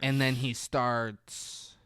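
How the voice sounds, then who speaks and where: Animated man recapping a movie. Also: mid-range voice, clean tone, no room sound, studio quality. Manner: animated, crude, acts out scenes in quick mimicry. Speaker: podcast co-host. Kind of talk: casual chat recapping a movie.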